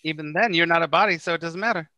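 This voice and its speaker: Speaking fast in a slightly high voice, a middle-aged podcast guest who teaches A Course in Miracles spins casual, animated stories and acts out what people said. The recording carries no room sound.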